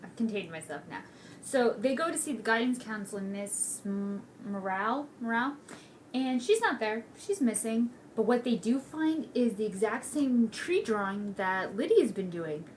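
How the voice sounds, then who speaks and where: Excitable young woman gushing through a recap. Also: on the high side, moderate pace, a little hiss or hum. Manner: gushing, excitable, swears freely. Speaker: TV episode recapper. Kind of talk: casual recap vlog.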